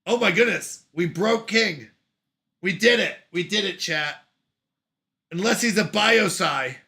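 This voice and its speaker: A man's voice: sits high, measured pace, pushed and bright. A man hosting a casual live stream from his couch at home, reading chat and bantering playfully with lots of laughter. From Canada. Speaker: livestream host reading chat.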